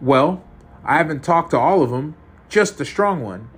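A meek young woman captive who stubbornly defends herself in a raised, softened voice, as a man puts her on. She sounds cornered but insistent, from a spoken storybook. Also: on the high side, expressive, moderate pace, husky, voice pushed up. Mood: defensive.

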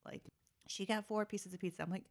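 A woman's voice: medium pitch, fairly even intonation, fairly quick. A woman in her thirties chatting casually, telling stories about her kids with lots of "like" fillers. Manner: chatty storyteller, frequent "like" fillers. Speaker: parent and auditioning performer. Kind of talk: casual chat.

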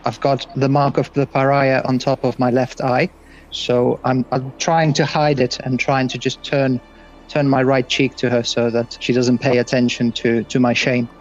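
A man playing his character in a tabletop game, speaking haltingly and repeating words. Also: medium pitch, level tone. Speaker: player. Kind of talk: in-character role-play. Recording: dull lo-fi mic.

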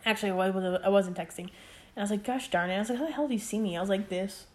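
This is a woman in her twenties co-hosting a podcast, speaking at a medium pitch and a racing pace. She chats casually, telling stories packed with "like" and acted-out quotes.

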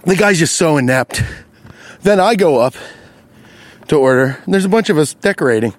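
A man telling a rambling comic story with a profane, animated delivery, breaking into loud high-pitched asides, recorded outdoors while walking beside a lake. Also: moderate pace, no echo.

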